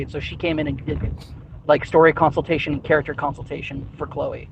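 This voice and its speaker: A man's voice: a little high, steady tone, quick pace, gravelly, muffled recording, slight background noise. A man co-hosting a casual podcast chat, speaking bluntly and swearing offhandedly. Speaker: podcast co-host. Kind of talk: casual group chat on a video call.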